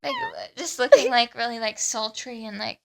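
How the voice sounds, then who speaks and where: A young adult woman co-hosting a podcast, telling an animated story in casual chat with lots of "like". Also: on the high side, moderate pace, gravelly. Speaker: podcast co-host.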